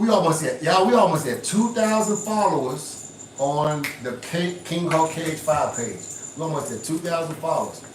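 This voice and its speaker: A man's voice: a little high, recorded from a distance, noisy background. An older man hosting a casual livestream, boastful and hustling, with a preachy streak. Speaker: livestream host. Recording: echoey room, off-mic.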